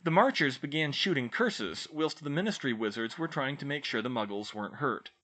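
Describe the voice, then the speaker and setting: A man reading fan fiction aloud as an expressive audiobook narrator. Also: mid-range voice, a little fast. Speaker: audiobook reader.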